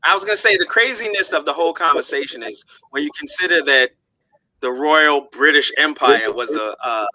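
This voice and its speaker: A man on a casual panel chat, joking and giving drawn-out explanations. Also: fairly high pitch, bright, forceful tone, no echo, rough recording.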